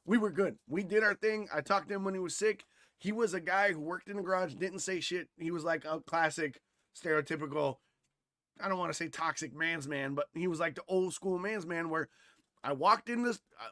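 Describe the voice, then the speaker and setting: Podcast dude with a high bright voice, swears a ton, ranting loud then going quiet, dry close mic. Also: male voice, fairly quick, no room sound. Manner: blunt and profane, swings from loud ranting to quiet reflection. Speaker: podcast co-host. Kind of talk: casual chat.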